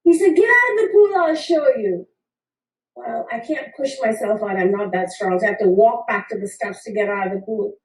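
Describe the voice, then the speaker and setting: With a slightly high, somewhat mellow voice, a woman in her fifties entertains an audience with a humorous personal tale, playfully impersonating its characters. A faraway mic gives the recording a roomy sound.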